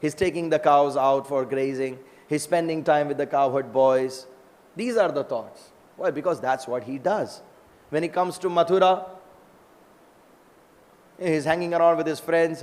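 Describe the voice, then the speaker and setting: A man leads a scripture class in a lively storytelling way, playing out the dialogue as he goes. His voice sits a little on the high side for a man. A long reverb trails after his words, as in a large temple hall. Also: a little slow. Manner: animated, acts out dialogue in the stories. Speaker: scripture lecturer.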